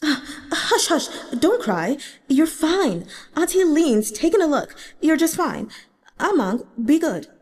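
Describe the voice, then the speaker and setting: Brief: soft, patient servant woman as a reader puts her on, lively pitch, long hall echo. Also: slow pace, heavily acted. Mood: soothing. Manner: soothing, patient. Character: kind scarred older female servant, patient and gentle.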